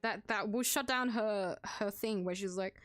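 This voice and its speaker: A woman's voice: mid-range voice, moderate pace. A woman playing through a story game, reading its dialogue aloud and breaking off to comment casually, with swearing and laughter. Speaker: gaming streamer. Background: soft background music.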